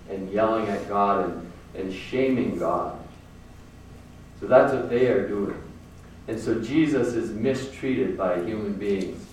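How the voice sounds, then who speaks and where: Casting: earnest male preacher, low voice, recorded from a distance, casual sermon with repeated phrases. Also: slight background noise. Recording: very echoey room from far off.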